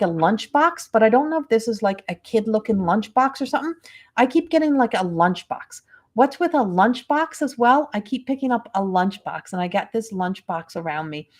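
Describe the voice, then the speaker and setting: A woman's voice: a little high, lively intonation, normal speed. A woman medium giving a live psychic reading, rambling and hesitant with many fillers and restarts, tender and emotionally moved as she relays messages. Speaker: medium and spiritual coach.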